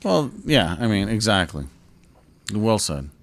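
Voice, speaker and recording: A man's voice: on the low side, sing-song, a little slow, no echo. A man co-hosting a podcast in casual chat, mostly with short agreeing interjections. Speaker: podcast co-host.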